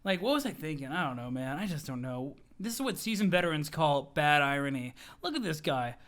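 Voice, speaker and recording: A young man hosts a live-streamed read-along, talking in a high, bright, forceful voice. He is animated and loose, swears casually, and chats back to his viewers as he reads. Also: brisk.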